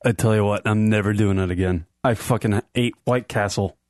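A man's voice: on the low side, steady tone, fairly quick, darkish tone. A man, co-hosting a casual podcast and telling a profane, rambling story with frequent laughs. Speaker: podcast co-host. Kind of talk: casual chat.

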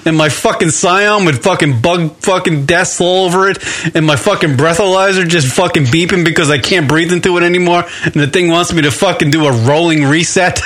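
A man hosting a loose radio talk show, riffing and cursing constantly between bursts of laughter. His pitch sits a bit high and swings widely, and his tone is bright. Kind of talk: casual radio banter.

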